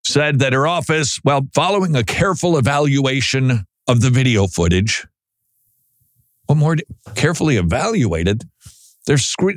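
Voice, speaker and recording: Brief: male radio host from Minnesota, sarcastic and animated, stammers through restarts, dry close-miked studio sound. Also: medium pitch, dry recording. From Saint Paul, Minnesota. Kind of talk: talk radio commentary.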